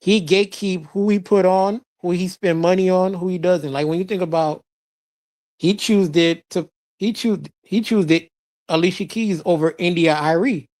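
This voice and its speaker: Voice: medium pitch, fairly even intonation, normal speed, darkish tone, no room sound. A live-stream host in casual chat, reading out viewer comments and giving blunt opinions between laughs.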